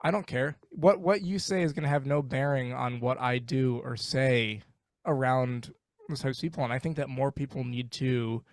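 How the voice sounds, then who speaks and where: A man ranting emphatically in a casual podcast chat, animated and swearing. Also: mid-range voice, normal speed, no echo, clean studio sound. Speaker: podcast guest.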